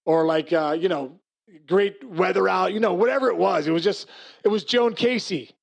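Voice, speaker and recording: A middle-aged man tells baseball stories in a loose, animated way, tripping over restarts and acting out what people said. His voice is a little raised in pitch and has a gravelly edge. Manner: animated, fast storyteller with restarts and acted-out quotes. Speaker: former baseball player and hitting coach. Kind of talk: casual storytelling interview.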